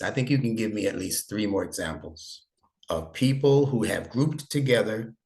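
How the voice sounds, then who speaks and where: A middle-aged man tutoring a young student one-on-one, explaining patiently step by step and checking that he is understood. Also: lowish voice. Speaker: Arabic instructor and imam.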